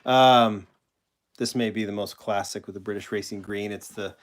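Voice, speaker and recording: Male streamer, lowish voice, loose, rambling chat with frequent self-corrections. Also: fairly even intonation, normal speed. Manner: rambling, self-correcting, answers chat questions while showing toy cars. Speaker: host of a live collector stream. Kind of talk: casual live-stream chat.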